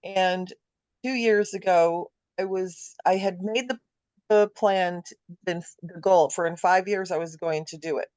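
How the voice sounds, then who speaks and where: A woman's voice: on the low side, a little slow, a little mellow, dry recording. A woman in a casual group chat, speaking hesitantly with many fillers as she recounts a recent situation. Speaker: group participant.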